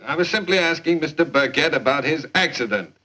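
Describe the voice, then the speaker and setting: A man's voice: on the high side, lively intonation, fairly quick, bright, forceful tone. A man playing a teasing leading man in a 1940s screwball film comedy, speaking in a breezy way.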